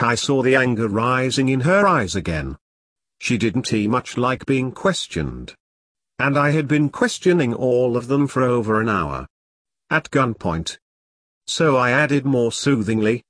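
A man reads a long detective story in a husky, breathy voice with a lively rise and fall. The sound is close and dry, with no room around it. He reads the punctuation aloud as words. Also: medium pitch, a little slow, no echo. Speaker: reader. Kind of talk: machine-read story narration.

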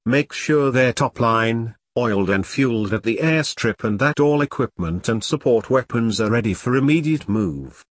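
A man's voice: mid-range voice, expressive, normal speed, hardly any pauses, no room sound, natural voice. A man voicing an impatient British army major giving his troops curt orders. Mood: commanding. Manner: curt, commanding briefing tone. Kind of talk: audiobook character reading.

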